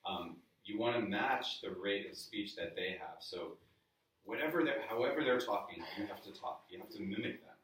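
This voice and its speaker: In an office meeting room before a live audience, a New York–area man leads a sales training session, chatting informally and quizzing the room. His voice is lowish and a bit bright, at a moderate pace. He's picked up from a distance in a very reverberant space.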